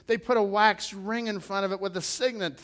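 A man's voice: high voice, fairly even intonation, fairly quick. Man preaching with rising intensity. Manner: storytelling, repeats words, rises loud for quoted lines. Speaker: pastor. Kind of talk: sermon.

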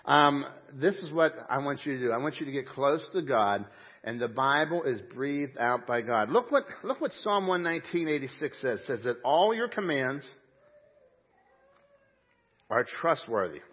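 Very animated and moving at a moderate pace, a male pastor with a husky, medium-pitched voice delivers a sermon in a church sanctuary. He mixes emphatic points with folksy asides, and his huffing breath can be heard. The recording is dull and muffled.

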